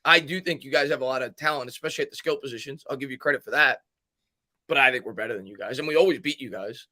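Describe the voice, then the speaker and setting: A man hosting a live sports stream. He reads viewer comments aloud and adds his own loose takes, full of hesitant fillers. His voice is bright and forceful. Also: medium pitch, racing. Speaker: host.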